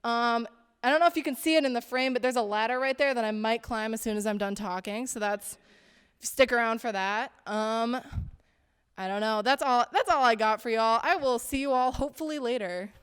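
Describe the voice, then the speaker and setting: A woman's voice: on the high side, fairly quick, a bit bright, clear, resonant tone. Chatty young woman doing stand-up. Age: young adult. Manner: chatty, filler-heavy, self-deprecating, full of "like". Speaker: student stand-up comedian. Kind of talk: stand-up comedy set. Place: theater stage, tiny live audience. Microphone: handheld stage microphone. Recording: long reverb of a theater hall.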